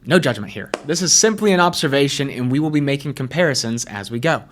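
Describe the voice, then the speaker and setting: A man's voice: mid-range voice, animated, quick pace, a bit bright. A man hosting a casual commentary video, chatty and asking himself rhetorical questions. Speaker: YouTube host, personality typing commentator. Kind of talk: casual commentary over clips.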